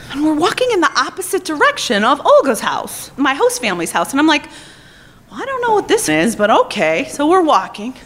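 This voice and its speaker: Animated high-voiced woman telling a comic story. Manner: profane, animated, laughs as she talks.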